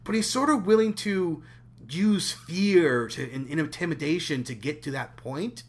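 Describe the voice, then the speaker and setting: Animated man with a lively, high voice. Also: a little slow, slightly rough. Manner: animated, stumbling restarts. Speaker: podcast co-host. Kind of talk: casual film discussion.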